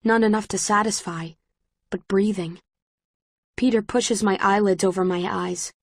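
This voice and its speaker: A woman's voice: mid-range voice, fairly even intonation, dry recording. Woman narrating an audiobook, dry and close. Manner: measured, present-tense storytelling. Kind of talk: first-person scripted narration.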